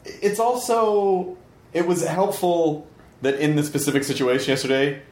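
A man's voice: a little high, steady tone, normal speed, darkish tone. Playful joking man, echoey room. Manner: playful, jokey, laughs easily. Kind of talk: casual chat.

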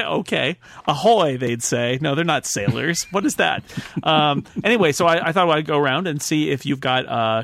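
A man's voice: mid-range voice, fairly bright tone, no room sound, studio quality. Joking American podcast host man. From United States. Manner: jokey, mock-pompous rants with laughs. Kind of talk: casual panel chat.

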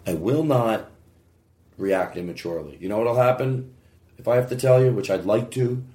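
A man at an ordinary pitch hosting a comedy podcast game. He pleads earnestly with the players, apologizing again and again in an over-the-top way. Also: moderate pace, dark tone, reverberant. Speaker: game show host.

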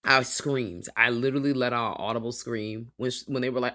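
A podcast co-host reviewing horror films, excitable and talking in quick bursts. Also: medium pitch. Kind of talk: casual movie review chat.

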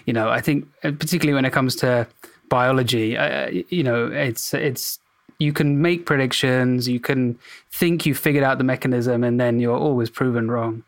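A man who is a doctor, a guest on a podcast, talking thoughtfully with halting restarts. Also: medium pitch, fairly even intonation. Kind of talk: casual podcast discussion.

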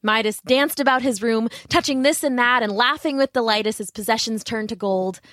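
A woman's voice: on the high side, brisk, fairly bright tone, dry recording, studio quality. A woman narrating a fairy tale steadily, with asides to the listener. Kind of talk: storybook narration.

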